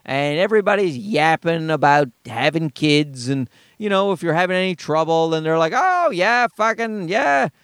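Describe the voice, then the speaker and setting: A man's voice: normal speed, few pauses, clean tone, no room sound. A man in his thirties telling rambling, profane stories in a casual monologue, acting out the people he quotes. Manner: profane, rambling storyteller who acts out quoted people in a high voice.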